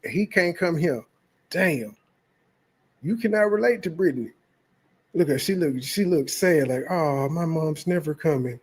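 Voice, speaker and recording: Guy with a high voice roasting a video, blunt and cussing a lot. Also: animated, a little slow, pauses often, slightly rough. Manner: mocking, blunt, heavy cursing. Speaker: reaction channel host. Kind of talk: profane reaction commentary.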